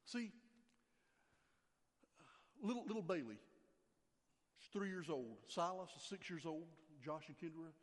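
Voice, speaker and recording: Older preacher in a reverberant hall. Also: male voice, very animated, unhurried, long pauses. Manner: emphatic preacher, repeats phrases, drops low for scripture. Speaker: pastor. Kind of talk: sermon.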